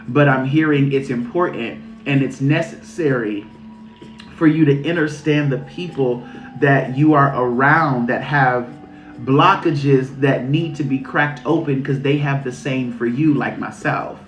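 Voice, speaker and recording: A man giving a casual spiritual reading on a live stream. He talks loosely and profanely, repeats phrases and often breaks into laughter. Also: medium pitch. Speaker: intuitive reader channeling messages. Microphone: phone during a live stream. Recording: roomy, slightly muffled stream audio with faint music.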